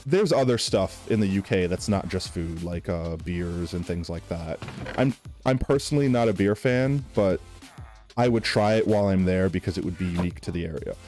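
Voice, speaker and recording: A man's voice: low-pitched, moderate pace, a little mellow, faint music behind. A young man from New York with a slight Southern accent, chatting casually and rambling with lots of fillers while he streams a game. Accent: Southern US tinged. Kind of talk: casual chat while gaming.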